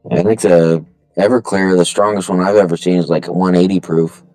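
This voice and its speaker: A very low-voiced man at a tabletop game, dry and offhand. The sound is close and dry, with faint music behind him. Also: steady tone, brisk, darkish tone, no room sound, low-quality recording. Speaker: player. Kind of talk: casual game-table chat.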